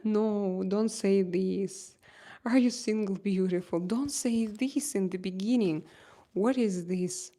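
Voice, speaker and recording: A Russian woman with a Russian accent hosting a casual livestream chat, reading comments and pausing often to search for English words. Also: medium pitch, dark tone. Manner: halting, searching for English words, many fillers. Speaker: livestream host.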